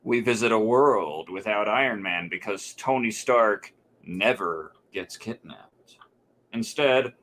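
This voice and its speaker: A man co-hosting a podcast, giving a sarcastic, deadpan episode recap with mocking quoted voices. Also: mid-range voice. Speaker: podcast co-host.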